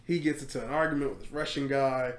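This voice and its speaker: A man hosting a podcast, retelling a story in casual chat, animated and laughing, with lots of fillers and swearing. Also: mid-range voice, fast, echoey room. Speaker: podcast host.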